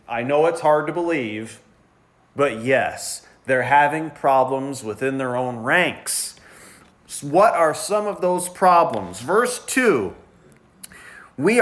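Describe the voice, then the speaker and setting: A man's voice: a little high, a little slow. A man preaching a sermon in a casual, conversational way, acting out the complaining voices of the people he describes. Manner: animated, acts out complaining voices. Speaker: pastor.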